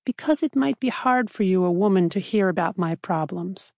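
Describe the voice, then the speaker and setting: A woman's voice: medium pitch, animated, moderate pace, a little mellow, no echo, clean studio sound, natural voice. A woman voicing a shy Eastern European man. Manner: hesitant, stumbling. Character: shy, halting male patient with thick Eastern European accent.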